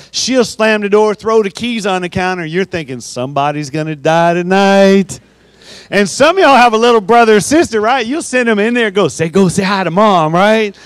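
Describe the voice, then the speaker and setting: A man giving a motivational talk as guest speaker at a high school assembly, joking and talking straight to the students. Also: no echo. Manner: lively, joking, talks straight to the crowd. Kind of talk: motivational storytelling. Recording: live audience crowd in a theater.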